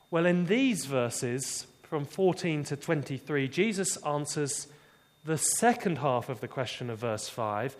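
A man preaching a sermon in a fairly high voice. He is expressive and dramatic, often dropping low and quiet to drive a point home. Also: measured pace.

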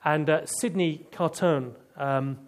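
A man preaching a sermon, telling stories and dropping to hushed tones to drive points home. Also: on the high side, slow.

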